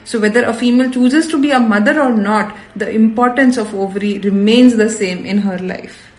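A woman's voice: a little high, normal speed, a little mellow. A woman doctor with an Indian accent, giving an upbeat, scripted health talk with emphatic repetition. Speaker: endocrinologist hosting a health show. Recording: roomy echo.

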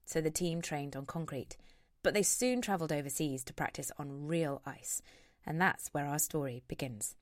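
A woman presenter reading a scripted introduction and interviewing a guest in a measured way. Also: low voice, dry recording, clean studio sound. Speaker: radio presenter.

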